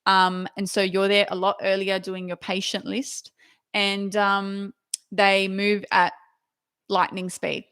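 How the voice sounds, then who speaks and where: A young woman, a doctor, telling stories of her work in a chatty, animated way and acting out bits of conversation. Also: medium pitch, clear, resonant tone. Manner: chatty and animated, acts out dialogue with quick asides. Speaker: doctor giving a talk. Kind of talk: casual storytelling webinar talk.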